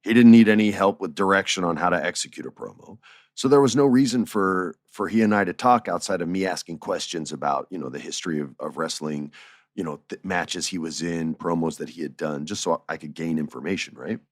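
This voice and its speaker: Deep-voiced man telling stories. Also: brisk, dry recording, clean studio sound. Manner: animated, chuckles while telling stories, acts out quoted dialogue. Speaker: podcast host. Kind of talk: casual storytelling.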